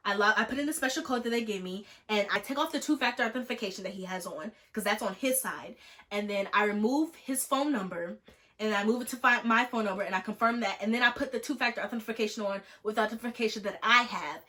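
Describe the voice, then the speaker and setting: With a medium-pitched voice, a woman in her 20s tells a storytime vlog quickly, acting out both halves of a text exchange in a playful, lively way.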